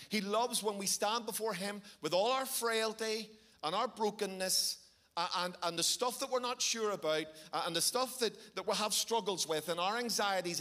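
A middle-aged man with a Belfast accent, preaching a sermon and telling a lively story with shifting pace for emphasis. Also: high-pitched. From Northern Ireland. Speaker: pastor.

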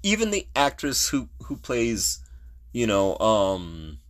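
A middle-aged man hosting a podcast, giving casual solo movie commentary in an animated, ranting way and laughing at his own jokes. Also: on the low side, takes it slowly. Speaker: podcast host.

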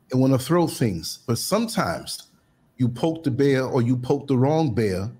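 Husky-voiced podcast host man. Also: medium pitch, darkish tone. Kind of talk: interview questions.

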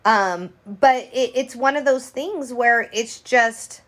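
A woman's voice: on the high side, slow pace. Frank, profane woman chatting on a podcast. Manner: frank, profane, rambling with many restarts. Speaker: podcast co-host. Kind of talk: candid casual chat.

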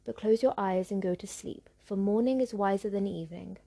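A woman voicing a calm, comforting magic doll in a storybook reading, chanting rhyming calls. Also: medium pitch, a little fast, creaky. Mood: summoning.

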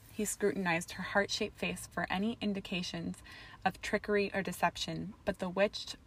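A woman narrates a story aloud at a steady pace. Her voice sits slightly low for a woman, and her delivery stays calm and even throughout. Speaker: reader. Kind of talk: audiobook narration of fan fiction.

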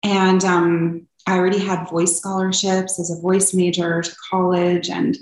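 A woman's voice: on the low side, flat delivery, measured pace, darkish tone. A young woman telling her personal story as an interview guest, earnest and open, with frequent ums. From Canada. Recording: echoey room.

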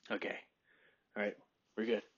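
A man from Texas hosting his podcast in a rambling, relaxed chat, with a phlegmy throat he keeps clearing. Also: medium pitch, dull audio. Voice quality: phlegmy, husky. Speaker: podcast host. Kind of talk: casual solo podcast chat. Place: room by a window.

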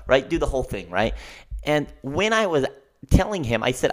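A young man hosting his own podcast, ranting through a story about his day. His voice sits at a middle pitch and his delivery is animated, with lots of asides and repeated "okay?"s. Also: quick pace. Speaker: podcast host. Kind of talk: casual storytelling monologue.

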